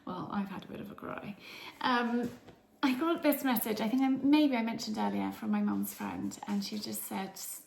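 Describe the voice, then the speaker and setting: A middle-aged woman from England talking through her day in a casual vlog, chatty and emotional, often dropping to a hush. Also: mid-range voice, steady tone, moderate pace, gravelly. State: emotional, tearful. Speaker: vlogger. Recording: echoey room, faint background noise.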